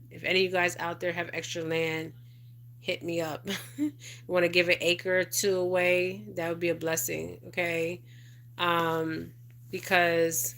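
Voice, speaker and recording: A woman's voice: lowish voice, pushed and bright, a little hiss or hum. A middle-aged woman hosting a casual livestream, reading viewer comments and rambling with lots of "okay?" and "you guys". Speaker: spiritual advisor livestream host.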